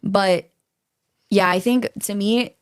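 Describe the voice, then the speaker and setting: A woman's voice: medium pitch, fairly even intonation, slow, no echo, clean studio sound. A woman hosting a true-crime podcast, talking casually and getting worked up, swearing freely. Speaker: podcast host.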